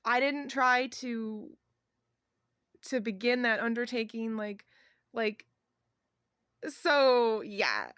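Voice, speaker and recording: A woman telling a personal story in a casual vlog, rambling and halting, with many fillers and restarts and soft laughs between thoughts. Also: fairly high pitch, expressive, smooth, dry recording, studio quality. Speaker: vlogger.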